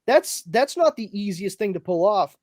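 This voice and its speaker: Animated high-voiced man in casual chat. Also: moderate pace, no echo. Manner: animated, swears freely, self-deprecating humor. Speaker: podcast co-host.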